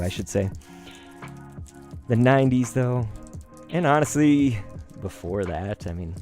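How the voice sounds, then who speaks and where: A young man chatting excitedly on a live stream while opening trading cards, talking straight to his chat in slangy, hyped-up bursts. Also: fairly low pitch.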